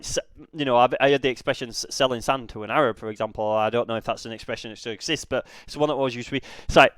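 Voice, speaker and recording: A man's voice: fairly high pitch, clear, resonant tone, no room sound, studio quality. A man hosting a reaction video, commenting casually with frequent swearing and restarts. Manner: animated, swearing, many restarts.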